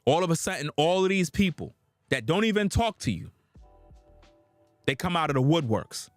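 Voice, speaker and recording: A man delivering street-style preaching commentary in an emphatic, slangy way with drawn-out dramatic pauses. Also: a little high, sing-song, no echo, soft background music.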